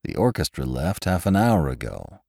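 A man voicing a sheepish husband, speaking slowly. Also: very deep voice, sing-song, vocal fry, darkish tone, dry recording, studio quality, voice pushed down, full character voice. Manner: sheepish, slow. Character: sheepish tired husband at a party.

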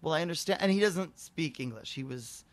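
A man with a slightly high voice speaks fairly quickly on a dry recording, hosting a casual talk show. Swearing freely, he tells a long story and animatedly voices the dialogue himself.

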